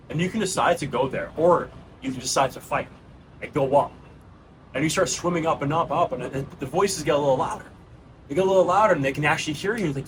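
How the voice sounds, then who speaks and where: Speaking at normal speed in a voice on the high side, a thirty-something New Yorker hosting his channel gives an earnest, casual, personal monologue to camera. He calls his audience "guys" and "bro," and noise can be heard behind him.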